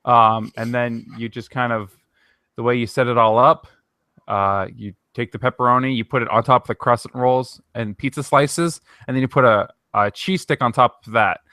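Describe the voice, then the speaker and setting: A young man co-hosting a podcast in casual chat, playful and quick to laugh. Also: medium pitch, dry recording, studio quality. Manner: laughs often, animated and playful. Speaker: podcast co-host.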